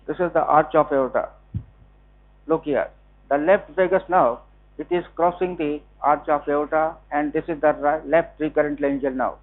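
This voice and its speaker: Man, Indian English accent, anatomy lecturer, repeats terms, slightly high voice, tinny lo-fi sound. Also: steady tone. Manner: explains slowly, repeats key terms, scolds students. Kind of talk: classroom lecture. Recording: tinny lo-fi classroom recording.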